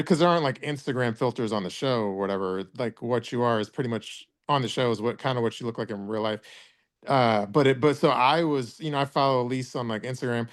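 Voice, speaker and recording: Man, podcast co-host, casual rambling chat with a crude sense of humor. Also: medium pitch. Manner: rambling, restarts often, crude jokes.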